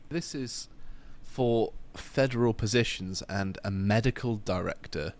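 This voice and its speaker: Low-voiced guy, dry sarcastic jokes. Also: measured pace, darkish tone. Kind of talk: casual political chat.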